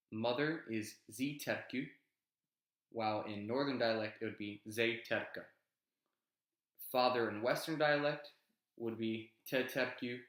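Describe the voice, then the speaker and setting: Guy slowly walking thru his made-up language, rambly and a bit goofy, echoey room. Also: mid-range voice, a bit bright. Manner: rambling, self-aware, with frequent ums and asides. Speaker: creator teaching an invented language. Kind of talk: casual video lesson.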